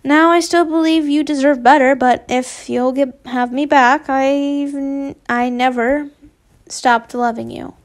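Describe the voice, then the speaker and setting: A woman voicing a tender, regretful young man who speaks softly. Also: high voice, steady tone, measured pace. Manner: soft, tender. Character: gentle, regretful young man, soothing his love.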